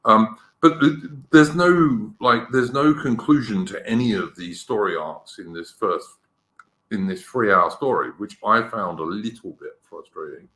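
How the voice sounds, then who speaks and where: A man's voice: on the low side, a little slow, fairly bright tone, roomy sound. A middle-aged man with an English accent, hosting a casual live-stream chat, rambling and opinionated. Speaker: podcast host.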